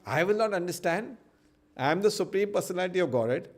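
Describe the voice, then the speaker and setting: A man's voice: high voice, unhurried, gravelly, voice pushed up. A man voicing a proud, indignant male god in a devotional story, exclaiming with insistent questions.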